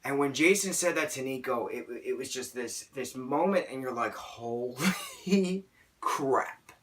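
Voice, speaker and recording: A young man reviewing a book in a casual vlog, rambling and excitable, often stammering and restarting. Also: mid-range voice, a little fast, distant mic.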